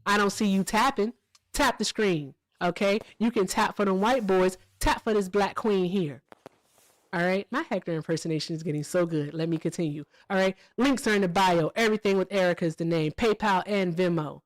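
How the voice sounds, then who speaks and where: A woman hosting a casual live stream, blunt and emphatic. She talks at a middling pitch and swears freely. She keeps punctuating her points with "all right?" and "okay?". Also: a little fast. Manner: blunt and profane. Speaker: livestream host. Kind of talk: casual livestream chat and commentary.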